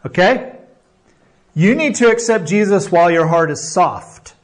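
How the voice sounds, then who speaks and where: A man's voice: sits high, expressive, measured pace. A man preaching a sermon, earnest and exhorting, often checking in with the listeners and building emphasis through repeated phrases. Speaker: pastor.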